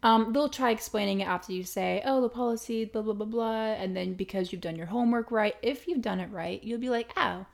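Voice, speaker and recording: A young woman co-hosting a podcast, chatting casually and telling stories with quick asides. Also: fairly high pitch, gravelly. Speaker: podcast co-host. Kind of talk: casual chat.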